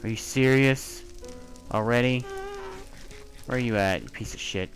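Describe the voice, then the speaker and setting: A man giving loose let's-play commentary into his own mic, chatty and quick to curse. He talks straight to the creatures on screen. Faint game music plays behind him. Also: medium pitch. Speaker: gameplay commentator.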